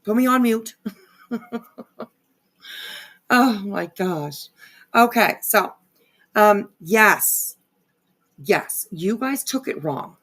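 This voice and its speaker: A woman's voice: medium pitch, animated, very slow, pauses often, a bit bright. A woman hosting a casual live stream, rambling with lots of fillers and frequent swearing. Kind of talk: casual livestream commentary.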